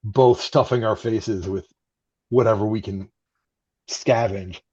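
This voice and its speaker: A man's voice: fairly low pitch, fairly even intonation, slow pace, darkish tone, breathy edge, dull audio. A man describing his character's actions in a tabletop game, hesitant and amused. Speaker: player. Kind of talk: casual tabletop play.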